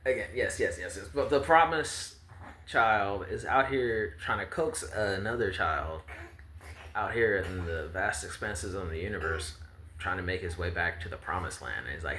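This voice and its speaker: Guy casually rambling through a story, bright voice, echoey room, bit of background hum. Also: low-pitched, normal speed. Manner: rambling, joking, chatty asides. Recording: roomy echo with faint ambience.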